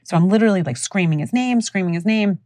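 A woman in her thirties hosting a podcast, telling stories in a casual, animated way and acting out other people's voices. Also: mid-range voice, fast, dry recording. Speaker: podcast host. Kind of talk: casual storytelling.

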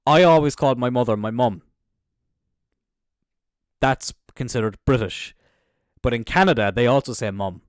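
An Irish man, a young adult, hosting a casual solo podcast in an animated, jokey way with plenty of swearing. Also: medium pitch, normal speed, long pauses, no room sound, clean studio sound. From Ireland. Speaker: podcast host.

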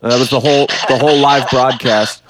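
A man's voice: medium pitch, fairly even intonation, fairly quick, fairly bright tone, a little hiss or hum. A man hosting a podcast in casual chat, rambling on and swearing freely. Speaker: podcast host.

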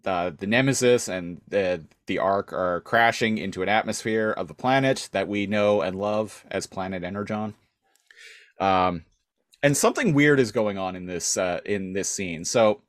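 A man's voice: sits low, no room sound, clean studio sound. A man co-hosting a podcast, recapping an episode in a rambling casual way. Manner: rambling, many fillers and restarts. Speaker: podcast co-host.

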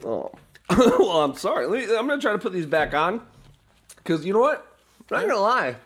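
A man's voice: sits high, very animated, a little fast, a bit bright. A man co-hosting a comedy podcast, trading silly banter and making absurd claims with mock confidence. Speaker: podcast co-host.

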